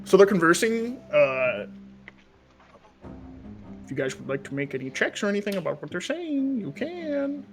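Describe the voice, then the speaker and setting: A man's voice: high-pitched, very animated, normal speed, pauses often, soft background music. A man acting as game master, narrating a tabletop game casually with a lot of rambling and fillers.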